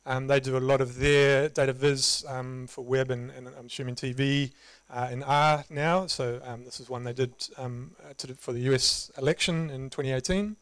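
A man with a New Zealand accent giving a relaxed, conversational conference talk with self-deprecating humor. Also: medium pitch, moderate pace, no echo, poor audio. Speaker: conference presenter. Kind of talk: casual live tech talk. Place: meetup presentation room.

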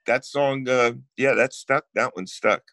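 A man's voice: mid-range voice, measured pace, fairly bright tone, no echo. A man with a New Jersey accent, a guest songwriter telling brash stories in casual podcast chat and swearing freely.

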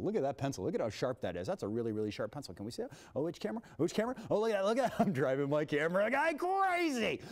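A man hosting a kids' science demonstration in a TV studio, energetic and showy, with big swings in pitch and loudness. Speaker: science presenter for kids.

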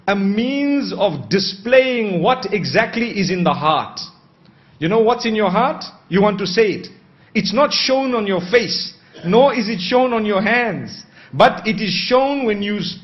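High-voiced male preacher, dull recording. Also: expressive. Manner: measured, asks rhetorical questions and answers them. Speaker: Islamic preacher. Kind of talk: sermon.

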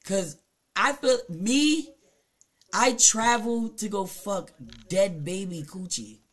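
A woman live streamer telling a blunt, profane story to her chat at home, her voice swinging between hushed and loud. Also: medium pitch, lively intonation, slow pace. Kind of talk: casual confessional storytelling to chat.

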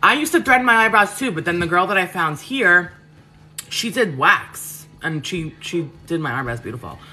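Chatty Queens woman with a bright voice. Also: on the low side, lively intonation, normal speed, faint music behind. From Queens, New York. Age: 30s. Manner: chatty, frank, full of fillers and restarts. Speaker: cooking livestream host. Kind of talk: casual live chat answering viewers. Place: home kitchen.

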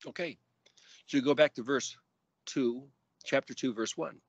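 A man teaching scripture verse by verse, spelling out Hebrew letters and word roots deliberately and rising sharply when stressing commands. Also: medium pitch, breathy edge, dry recording, dull audio. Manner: emphatic rises on commands. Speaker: Bible teacher.

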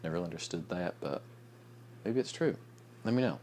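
A young man chatting casually in a late-night vlog, sleepy and yawning, rambling with restarts and soft chuckles. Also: low-pitched, lively intonation, fairly quick, a little hiss or hum. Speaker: vlogger.

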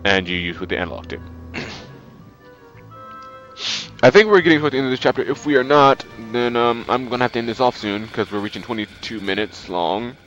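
A man's voice: mid-range voice, lively intonation, fairly quick, a bit bright. A man with a stuffy nose giving rambling, chatty let's play commentary. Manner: rambling, chatty, with many fillers. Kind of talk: casual game commentary. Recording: dull lo-fi sound. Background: faint game music.

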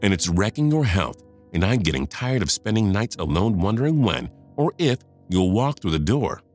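A man voicing an angry, fed-up wife in her fifties, scolding in sharp outbursts. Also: lowish voice, sing-song, moderate pace, faint music behind.

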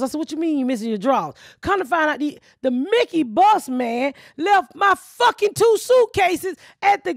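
A middle-aged woman hosting a podcast, telling a story in a loud, profane, animated way. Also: high voice, gravelly, no room sound, studio quality. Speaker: podcast host. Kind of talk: casual storytelling chat.

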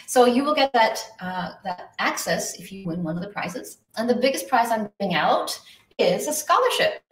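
A violin teacher hosts a live online lesson, chatty and upbeat, greeting viewers by name as she reads their questions from the chat. Her voice is on the high side and fairly bright, with lively intonation and a moderate pace. She's recorded from a distance, off the mic, in an echoey room with faint hiss.

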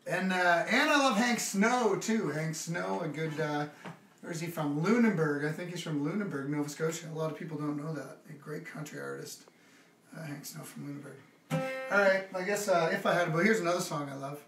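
A man's voice: on the high side, a little fast, fairly bright tone, far from the mic. A man hosting a music livestream from home, chatting in a rambling, easygoing way between songs. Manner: rambling, easygoing, thinks aloud. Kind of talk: casual chat between songs. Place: at home, with his dog nearby. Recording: echoey room with guitar.

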